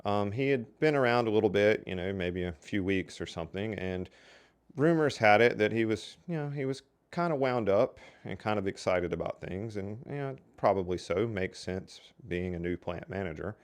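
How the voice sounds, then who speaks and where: A man's voice: fairly low pitch, moderate pace, smooth. An older man telling casual stories from his working life in a folksy, chatty way. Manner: folksy and chatty, with lots of "so anyway" and "you know". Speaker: storyteller. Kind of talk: casual storytelling.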